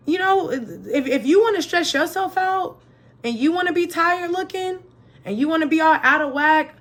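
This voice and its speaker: A young adult woman hosting a solo motivational podcast in a chatty, animated manner. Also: extremely high pitch, normal speed. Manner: lively, chatty, animated, acts out quoted voices. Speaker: podcast host.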